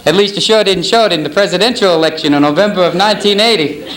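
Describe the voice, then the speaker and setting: A man's voice: sits high, fast, fairly bright tone. A man impersonating a folksy, self-deprecating older Southern ex-president at a banquet. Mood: wry. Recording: banquet hall with crowd laughter.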